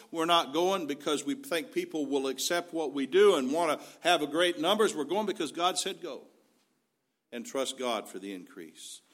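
A man's voice: medium pitch, a bit bright. A man preaching a sermon in an earnest, folksy way, weaving in scripture.

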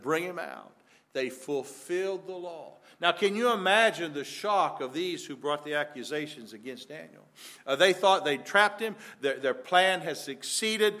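A man's voice: mid-range voice, bright, forceful tone. An older man preaching a sermon in a folksy way, often repeating words and rising for emphasis.

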